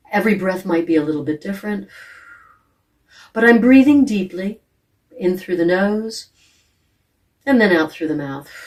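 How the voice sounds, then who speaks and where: Female voice coach, gentle guided warm-up, mellow tone, mic at a distance. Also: on the low side. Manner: calm, gentle, demonstrates sighs, yawns and hums. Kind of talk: guided vocal warm-up instruction.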